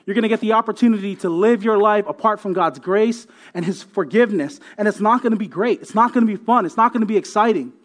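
Fast and high-pitched, with hardly any pauses, a man preaches a sermon as a pastor. He's emphatic, repeating words to build his points and checking in often with "right?"

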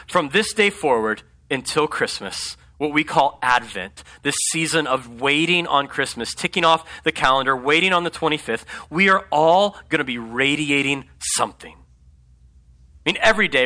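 A man preaching a conversational sermon, often checking in with his congregation by asking "right?". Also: fairly high pitch. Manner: conversational, animated, asks the audience "right?". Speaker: pastor.

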